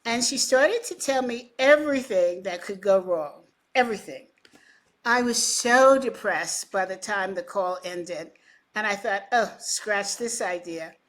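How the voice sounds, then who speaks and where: A woman's voice: medium pitch, unhurried. A middle-aged woman in an interview, telling a story about founding a coaching association and acting out both sides of old conversations, with a dry, teasing sarcasm. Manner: animated storyteller who acts out both sides of past conversations.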